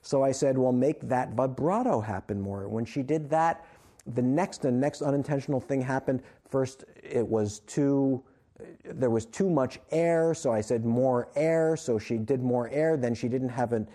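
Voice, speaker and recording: An author appearing as a guest on an interview show tells a long story, animatedly acting out the lines he quotes. His voice is medium-pitched and his pace measured.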